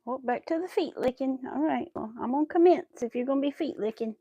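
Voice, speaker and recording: A woman's voice: high voice, fast, mellow, no echo, dull audio. A woman crochet vlogger chatting casually to her viewers and her dog, cooing baby talk at the pet.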